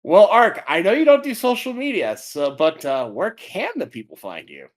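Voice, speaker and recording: A man co-hosting a podcast in casual chat, animated and quick to laugh. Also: sits high. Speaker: podcast co-host.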